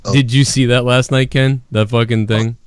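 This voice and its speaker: Smooth-voiced man hosting a profane live chat. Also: medium pitch, fairly even intonation, a little slow, no echo. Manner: profane, laughing, storytelling. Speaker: podcast host. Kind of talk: casual live-stream chat.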